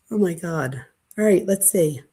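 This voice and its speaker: Gushing, excitable woman host with a husky voice. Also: fairly low pitch, takes it slowly. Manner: gushing, excitable, self-admittedly dramatic; breathless. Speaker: channel host. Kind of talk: casual late-night livestream chat.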